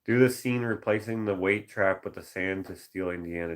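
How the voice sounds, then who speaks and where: A man painter chatting casually on a live stream, musing aloud over viewer suggestions and slipping into quick movie-quote voices. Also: low-pitched. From Canada.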